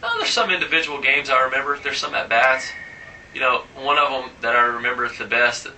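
A man's voice: medium pitch, brisk, pushed and bright, far from the mic, a little hiss or hum, rough recording. A man, a professional baseball player, telling stories in a casual interview and animatedly acting out the dialogue in his anecdotes.

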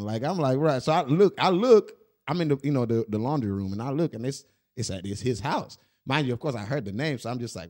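A man's voice: mid-range voice, expressive, fast talker, darkish tone. A man hosting a casual chat, rambling with lots of fillers. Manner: rambling, many fillers like "you know what I'm saying". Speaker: host.

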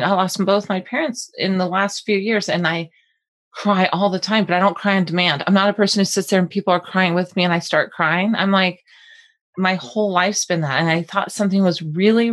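A woman's voice: on the low side, fairly even intonation, a little fast. A middle-aged woman co-hosting a podcast, telling a personal story in casual, rambling chat with many restarts. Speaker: podcast co-host.

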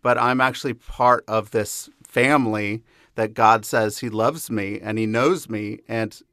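A man sharing his feelings about faith in a casual conversation, sincere and softly affirming. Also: on the low side, fairly even intonation, measured pace, dry recording, clean studio sound.

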